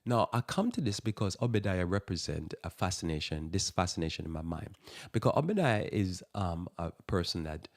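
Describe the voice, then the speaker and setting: A man's voice: low voice, lively intonation, a little fast, dry recording, studio quality. A man hosting a live Christian morning radio talk show, rambling and restarting his sentences as he speaks. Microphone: radio studio mic.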